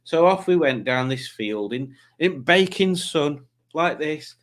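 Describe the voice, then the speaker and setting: A man's voice: a little high, expressive, slow pace. A man hosting a livestream in casual chat, reading out viewer comments in a rambling, jokey way. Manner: rambling and jokey, with frequent ums and self-corrections. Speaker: livestream host.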